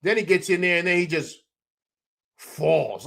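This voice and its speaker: With a gravelly voice and measured pace, this young adult man breaks down game highlights on a casual postgame livestream, greeting viewers as he goes. He's animated and excited, leaning on fillers such as "man" and "you know what I'm saying."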